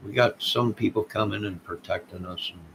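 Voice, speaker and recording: A man with a low, gravelly voice rambles on a late-night livestream and speaks straight to his chat. His talk drifts and turns conspiratorial, and a faint hiss sits under the recording. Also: normal speed, a bit bright, poor audio. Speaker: live streamer.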